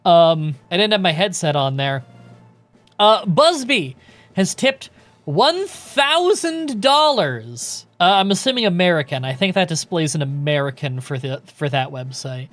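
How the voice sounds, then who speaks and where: Guy streaming a game, loose and sweary, chatty with chat, voice kinda high. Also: fairly bright tone, no echo. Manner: casual, swears, chats with viewers.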